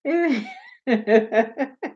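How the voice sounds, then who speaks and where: A woman hosting her own channel, chatting casually and reading viewer comments out loud, loose and slangy with frequent swearing. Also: on the high side, lively intonation, extremely slow, muffled recording.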